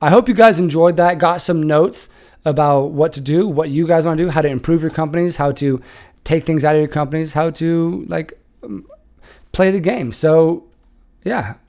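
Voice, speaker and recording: A young man shoutcasting a strategy game he played in, casual and animated, swearing and laughing. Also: a little high, normal speed.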